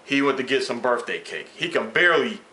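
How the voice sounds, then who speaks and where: A man's voice: medium pitch, fairly quick. A man vlogging, casually retelling a workplace story with slang and swearing and acting out the dialogue. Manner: animated, slangy, profane retelling with quoted dialogue.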